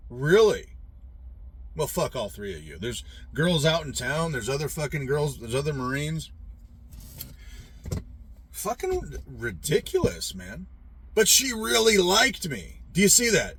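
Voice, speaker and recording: Man, husky voice, lively swooping pitch, profane rambling rant. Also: measured pace. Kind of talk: rambling monologue.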